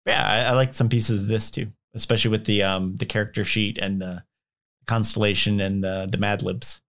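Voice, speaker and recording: A man's voice: lowish voice, fairly even intonation, fairly quick, vocal fry, a bit bright. A man co-hosting a podcast in casual chat, talking hesitantly with frequent restarts. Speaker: podcast co-host.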